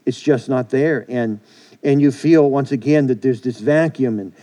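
Mellow-voiced male preacher, earnest and repetitive. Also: mid-range voice, normal speed. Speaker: pastor. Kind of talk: sermon.

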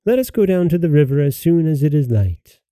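A man's voice: fairly high pitch, very animated, fairly quick, mellow, no room sound, clean studio sound, pitched above the performer's own voice. A man voicing a small, loyal talking dog in a storybook reading, speaking eagerly and encouragingly.

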